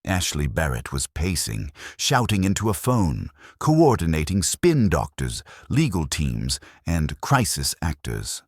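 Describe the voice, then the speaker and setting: A man's voice: extremely low pitch, very animated, unhurried, slightly rough, no echo, clean studio sound. A man giving brooding, theatrical scripted narration of a story.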